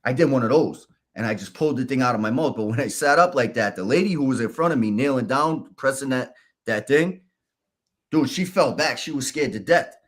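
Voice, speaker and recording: A man, a podcast guest, telling his story candidly in a halting, casual way. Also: medium pitch. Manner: candid, halting, restarts and fillers.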